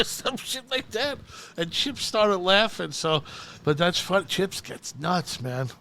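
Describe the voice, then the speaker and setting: A man, a comedian telling stories in casual talk, profane and animated as he acts out quotes. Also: fairly high pitch, normal speed, gravelly. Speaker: podcast guest, comedian. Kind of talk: casual storytelling.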